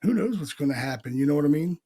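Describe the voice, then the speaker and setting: Gravelly man telling a ghost story. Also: a little high, quick pace. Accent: Pennsylvania. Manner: animated, acts out quotes, swears casually. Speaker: paranormal podcast host. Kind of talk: casual storytelling chat.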